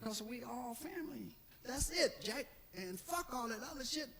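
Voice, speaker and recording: A male stand-up comedian with a high, bright voice. He tells stories in an animated, profane style and acts out the people in them. His pitch swings widely, and faint noise sits behind him. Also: normal speed, vocal fry, slightly rough. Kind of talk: stand-up storytelling.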